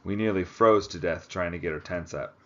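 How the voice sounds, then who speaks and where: A man's voice: low voice, fairly quick, muffled recording. A man doing a worn-out frostbitten climber. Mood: grim. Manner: blunt, dark humor. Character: exhausted frostbitten male climber, grim and blunt.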